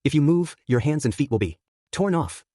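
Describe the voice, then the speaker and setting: A man's voice: on the high side, animated, normal speed, dark tone, dry recording, clean studio sound, pitched above the performer's own voice, lightly acted. A man reading as a gloating wax villain. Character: cruel gloating male wax-wielding villain.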